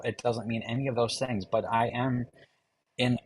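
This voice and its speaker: A man's voice: mid-range voice, flat delivery, normal speed, husky, low-quality recording. A man who works as a life coach, talking in a firm, direct way during a casual podcast chat.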